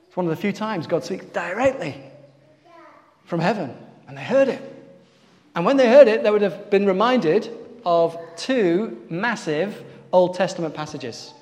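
A man's voice: high-pitched, expressive, unhurried, long pauses, a little mellow, in a large hall. A man preaching a sermon to his congregation, asking them questions and calling on people by name.

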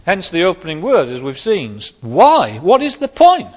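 Male preacher, slow and emphatic, slightly high voice, dull recording in a long-echo hall. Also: wildly swooping pitch. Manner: emphatic, rising sharply on key words. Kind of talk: sermon.

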